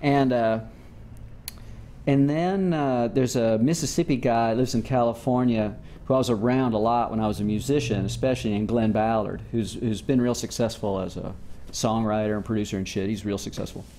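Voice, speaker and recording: Give me a mellow, warm-voiced man telling casual, rambling stories in an interview. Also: mid-range voice, fairly even intonation, moderate pace, a little hiss or hum. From Southern United States. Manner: rambling, loose, lots of "you know" and "like". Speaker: interview guest, former musician. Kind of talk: casual storytelling.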